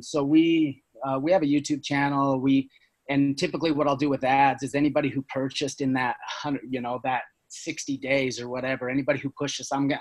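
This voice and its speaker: A man talking as a business-owner guest in a casual podcast chat, rambling through stories with plenty of fillers and tag questions. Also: mid-range voice. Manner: rambling, fast, full of fillers and "right?".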